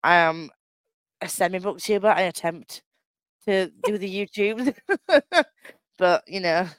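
A woman's voice: fairly low pitch, animated, slow, dry recording, clean studio sound. A woman from the UK co-hosting a casual chat podcast, giggly, rambling and sweary. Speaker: podcast co-host.

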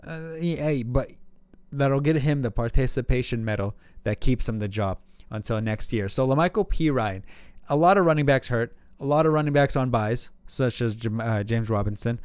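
A man in casual fantasy football chat, animated and jokey, often restarting his sentences. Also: medium pitch, normal speed, smooth, no echo. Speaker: podcast co-host.

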